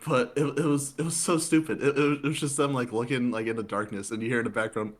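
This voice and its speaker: A man with an ordinary mid-range voice tells halting stories on a casual podcast. He often restarts his sentences and repeats words. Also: medium pitch, flat delivery. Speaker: podcast co-host.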